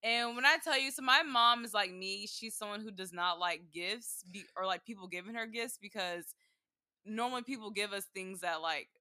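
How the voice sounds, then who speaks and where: A woman's voice: medium pitch, moderate pace, no echo, studio quality. A young woman in her twenties chatting casually as co-host, telling stories with acted-out quotes. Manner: animated storyteller who acts out quotes. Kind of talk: casual chat.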